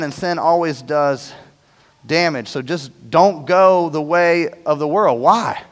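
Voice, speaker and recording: Male pastor, high-pitched voice, casual conversational sermon, echoing church hall. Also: fairly bright tone. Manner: conversational preaching, frequent "right?" tag questions. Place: church auditorium.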